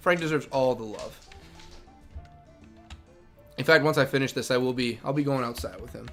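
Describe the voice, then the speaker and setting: Excitable bright-voiced male streamer. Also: mid-range voice, moderate pace, soft background music. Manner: excitable, laughs often, talks to his dog. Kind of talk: live game stream commentary.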